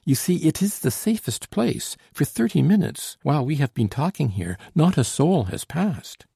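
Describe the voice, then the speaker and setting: An earnest, pleading young Frenchwoman from an old storybook, as a male reader puts her on. The voice is raised above his own, but the creaky, husky grain still shows through. Close, dry sound with no room around it. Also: mid-range voice, moderate pace, mellow, no echo, pitched above the performer's own voice. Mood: urgent.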